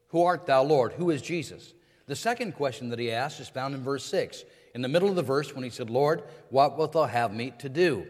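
Guy preaching a sermon, higher voice, big church hall echo, gets loud and emphatic. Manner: preaching with rising, emphatic delivery. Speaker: pastor. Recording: long hall reverb.

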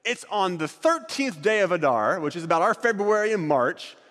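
A man's voice: high-pitched, big pitch swings, normal speed, hardly any pauses, a bit bright, long reverb tail. A man leading a group through an acted-out Bible story, directing volunteers on stage as he narrates.

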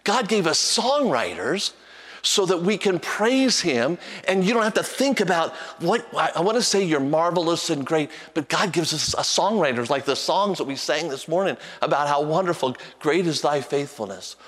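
A man preaching a sermon as pastor, animated and repeating himself with restarts, at times singing a hymn softly. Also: fairly high pitch, normal speed, slightly rough, big-room sound. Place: church sanctuary with long reverb.

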